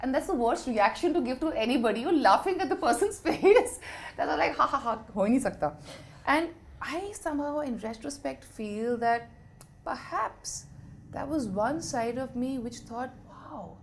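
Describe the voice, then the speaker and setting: A woman's voice: high voice, normal speed, creaky, slight background noise. Candid Indian woman telling her story. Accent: Indian English. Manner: animated storytelling, mixing Hindi phrases and laughter. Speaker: interview guest. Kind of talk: candid conversational interview.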